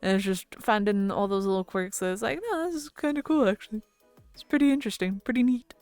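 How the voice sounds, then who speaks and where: A woman's voice: mid-range voice, quick pace, a little mellow, smooth, no room sound, faint music behind. A woman streamer chatting casually with her viewers, rambling and laughing often into a close mic.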